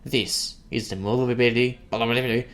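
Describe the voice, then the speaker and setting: A man's voice: mid-range voice, fairly even intonation, fairly quick, fairly bright tone, lightly acted. A man voicing a boastful male mad scientist inventor in an odd put-on accent, reading aloud theatrically.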